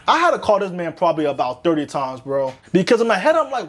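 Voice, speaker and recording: A young man telling a comic story in an animated way, swinging between loud panic and low mutters. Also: moderate pace, few pauses. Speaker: comedic storyteller. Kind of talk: comedic skit narration.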